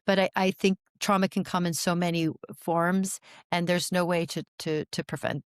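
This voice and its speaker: A woman in her forties, a therapist talking as a podcast guest, explaining with animated energy and frequent restarts. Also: lowish voice, normal speed, clear, resonant tone, no echo, clean studio sound. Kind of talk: podcast interview conversation.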